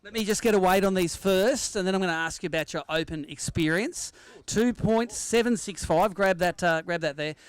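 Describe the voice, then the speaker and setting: An Australian man running a live weigh-in, cracking jokes and ribbing each competitor as he goes. His voice sits high and rings smooth and clear. The sound is close and dry, with no room around it. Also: fairly even intonation, a little fast, few pauses, no room sound. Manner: joking, teasing, chatty. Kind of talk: live event commentary with banter. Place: outdoor weigh-in at a sailing club.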